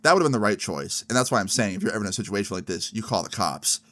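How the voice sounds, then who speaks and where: A man telling a story in a casual vlog, chatty and animated with lots of slang fillers. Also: fairly low pitch, racing.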